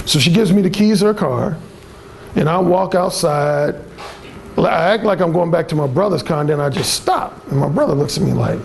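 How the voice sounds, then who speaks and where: At a dating seminar, a man tells a frank, profane story and acts out the people in it. His voice is fairly high, gravelly, and animated, at a normal pace, with a slight hiss or hum in the audio.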